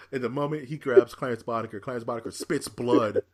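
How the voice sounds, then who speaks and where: Animated male podcast host. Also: medium pitch, moderate pace, very noisy. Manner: animated, acts out movie lines mid-story. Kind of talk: casual movie review chat.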